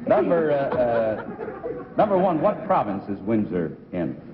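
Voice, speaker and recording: A man's voice: medium pitch, huge pitch swings, unhurried, background noise. A man on a 1950s TV game panel, stammering and chuckling as he questions contestants. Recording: 1950s TV broadcast, dull with long reverb.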